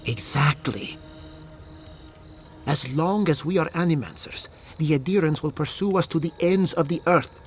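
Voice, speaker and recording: A man's voice: a little high, a little slow, over music, close to an everyday voice. An actor voicing an earnest, emotional man who argues for his people in a video game.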